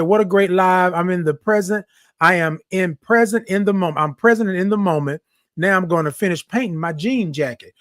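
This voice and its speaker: A man's voice: sits high, no echo, studio quality. A man hosting a morning livestream, playfully reading viewer comments aloud. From Texas. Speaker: livestream host. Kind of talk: casual livestream chat.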